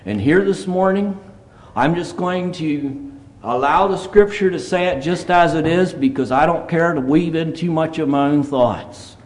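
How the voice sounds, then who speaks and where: This preacher's voice is fairly high yet darkish in tone, and he keeps a measured pace. At a church service he gives an earnest, plainspoken sermon, reading scripture aloud in King James wording.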